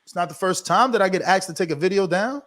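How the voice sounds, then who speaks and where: Casting: American man, high-pitched voice, emphatic, persuasive guest in casual chat. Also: quick pace, a bit bright. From United States. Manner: emphatic, persuasive, rhetorical questions. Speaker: boxing podcast host, guest.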